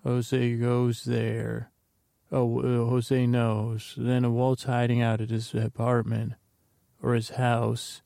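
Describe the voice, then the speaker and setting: A man's voice: mid-range voice, monotone, slow pace, gravelly, warm tone, no room sound, clean studio sound. A man hosting a podcast, rambling through an episode recap from his notes with meandering asides. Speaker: podcast host.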